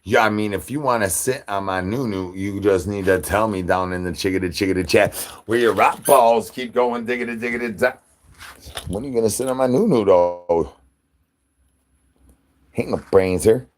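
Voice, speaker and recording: A man's voice: lowish voice, normal speed. Goofy man rambling nonsense. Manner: goofy, nonsense wordplay and chants. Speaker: livestream host. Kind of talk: rambling livestream chat.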